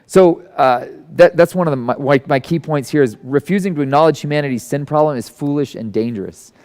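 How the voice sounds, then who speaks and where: A man giving a conversational sermon who tells stories and acts out the people in them with sudden jumps into a high voice. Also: a little fast, a little mellow. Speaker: guest speaker. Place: church hall.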